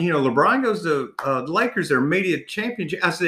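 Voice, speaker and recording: A man's voice: sits high, sing-song, fast talker, sharp tone. Male co-host, heated profane sports rant, roomy echo. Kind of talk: casual sports chat.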